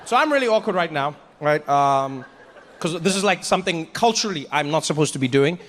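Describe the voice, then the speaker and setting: A man from Africa doing a stand-up comedy set, telling stories with animated asides. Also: fairly high pitch. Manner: animated storytelling, quick asides. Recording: live stage with long reverb and faint ambience.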